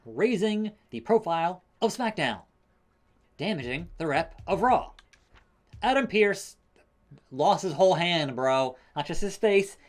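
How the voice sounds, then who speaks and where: A man hosting his gaming channel, giving casual play-by-play of a wrestling game with wry sarcasm and sudden bursts of excitement. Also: a little high, slight background noise. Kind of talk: casual gameplay commentary.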